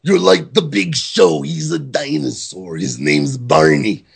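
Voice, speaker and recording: A man putting on the voice of an intense, gravelly pro wrestler, delivering a dramatic promo with drawn-out lines. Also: mid-range voice, big pitch swings, full character voice. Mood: taunting.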